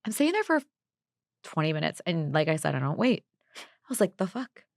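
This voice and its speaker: Young woman podcast co-host, lowish voice, blunt and animated, dry close sound. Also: fairly quick, no room sound. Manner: animated, blunt storyteller who swears freely. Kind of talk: casual chat, storytelling. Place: New York.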